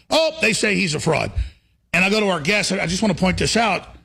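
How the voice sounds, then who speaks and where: A man hosting a talk radio show, ranting in a heated, forceful monologue. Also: sits high, animated, quick pace, creaky, breathy edge.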